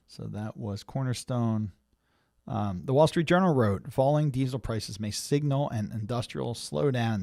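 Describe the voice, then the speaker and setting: A man hosts a financial webinar at a middle pitch, stopping often on fillers and restarting his sentences as he reads out market quotes. The sound is dry and close, with no room around it. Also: a little mellow, no echo. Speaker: financial planner hosting a webinar. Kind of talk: webinar talk reading and explaining market news.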